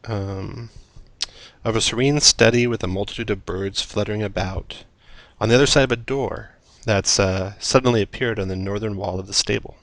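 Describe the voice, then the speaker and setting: Low-voiced man narrating a tabletop game. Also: fairly even intonation, moderate pace, fairly bright tone, dry recording. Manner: descriptive, with fillers. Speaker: dungeon master.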